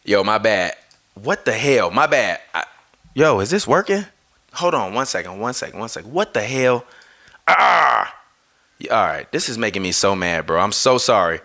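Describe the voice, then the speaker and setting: A man hosts a live basketball stream from a home setup, talking through a mixer. He rants in a bright, forceful voice, argues with his viewers and swears freely. He keeps breaking off to apologize for audio dropouts. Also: lowish voice, animated, normal speed. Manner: heated, swearing, argumentative, apologizes over audio trouble. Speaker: basketball podcast host. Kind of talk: live-stream sports rant.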